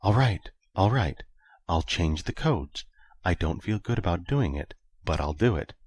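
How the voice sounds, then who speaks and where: A man voicing a principled female ship computer who speaks calmly and quietly. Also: low-pitched, normal speed, no room sound, studio quality. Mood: prim.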